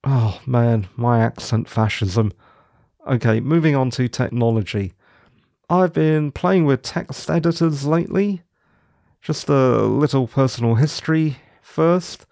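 A man's voice: medium pitch, measured pace, vocal fry, a little mellow, no echo, studio quality. A middle-aged man hosting a solo podcast, chatting in an opinionated, rambling, self-deprecating way. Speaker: podcast host. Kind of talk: solo casual podcast chat.

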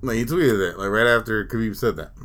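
Brash, bright-voiced man chatting. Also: on the low side, fairly quick. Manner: profane, opinionated, laughs a lot. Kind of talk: casual chat.

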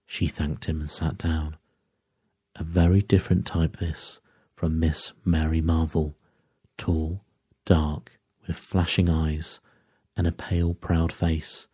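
A man reading a sleep story aloud in a slow, measured storytelling manner. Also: deep voice, dark tone, breathy edge, no room sound, clean studio sound. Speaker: narrator.

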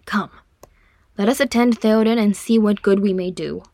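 A woman's voice: medium pitch, normal speed, dark tone, dry recording, lightly acted. A woman voicing a graceful male elf with a dry wit and formal, old-fashioned speech. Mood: wry. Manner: poised, archaic speech.

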